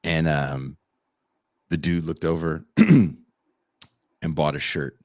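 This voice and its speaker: A man's voice: a bass voice, slow pace, a little mellow, dry recording. A man co-hosting a podcast, telling stories in casual chat with acted-out quotes and a lot of laughing. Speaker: podcast co-host. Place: living in Mexico.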